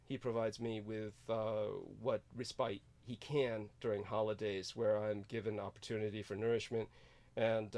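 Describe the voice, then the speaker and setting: A man hosting a casual chat, telling long-winded stories full of fillers. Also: lowish voice. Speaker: show host.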